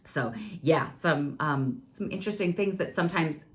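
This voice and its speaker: A woman in her forties with a low-pitched voice shares personal stories on a podcast. She talks fast and chattily, with plenty of "um" and "you know" along the way. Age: 40s. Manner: chatty, lively, fast-talking, with many fillers. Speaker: podcast guest. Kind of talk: personal storytelling.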